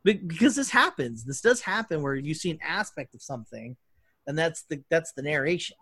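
A man hosting a loose podcast conversation, talking at length in a rambling, profane way and restarting his sentences often. His voice sits a little high for a man. The sound is close and dry. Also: lively intonation, a little fast, a bit bright, husky, no room sound. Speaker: podcast host. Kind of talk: casual chat.

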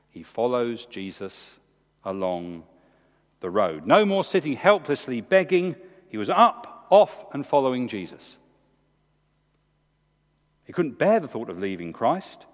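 A man, preaching a sermon in a church with emphatic, animated delivery. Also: muffled recording. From England. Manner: animated, emphatic preaching with big swings in pitch. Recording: long hall reverb.

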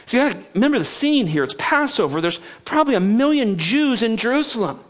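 A man's voice: very high voice, fast. A male pastor preaching an expository sermon, acting out the people he quotes and often restarting his sentences. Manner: animated, acts out quoted speakers, frequent restarts.

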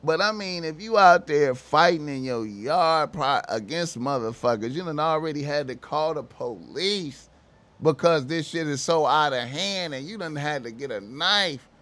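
A man talking on his own in a casual, slangy monologue, swearing, repeating phrases and now and then shouting in voices he mimics. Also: fairly high pitch, animated, normal speed. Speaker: commentator.

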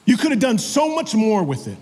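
Guy preaching in church, lively, calls for amens, long echo in the hall. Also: high voice, fairly quick. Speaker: pastor. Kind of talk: sermon. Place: church sanctuary.

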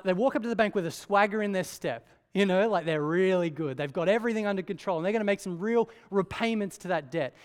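A man preaching a sermon, talking in a conversational way and often checking in with "right?". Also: sits high. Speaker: pastor. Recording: long hall reverb.

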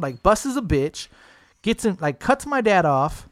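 A man with a fairly high voice tells a wild story in loose, casual talk. He swears constantly and slips into the voices of the people he quotes. The sound is dry and close to the mic. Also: normal speed, no echo. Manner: profane, animated, jumps into other people's voices.

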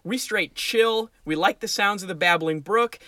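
A man's voice: high voice, moderate pace, bright, forceful tone, no room sound, clean studio sound. A man co-hosting a podcast, chatting playfully about tabletop game scenarios and laughing often. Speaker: podcast co-host.

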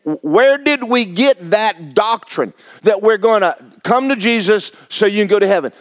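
A man's voice: high voice, lively intonation, moderate pace. A man, preaching a folksy, joking, emphatic sermon as pastor. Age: 70s.

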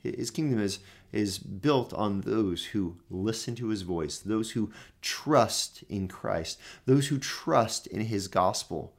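A man preaching a sermon, emphatic and repetitive, building his phrases up and then dropping low. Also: slow pace, vocal fry.

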